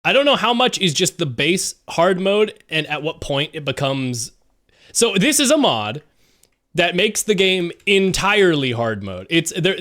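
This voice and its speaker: A man's voice: a little high, fairly bright tone. A man streaming a game live, rambling and swearing casually and humming along with the soundtrack. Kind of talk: live let's play commentary. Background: game music.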